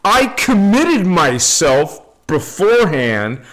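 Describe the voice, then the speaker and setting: A man hosting a casual spiritual livestream, greeting viewers by name in a playful way and laughing often. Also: high-pitched. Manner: relaxed and unhurried. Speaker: livestream host.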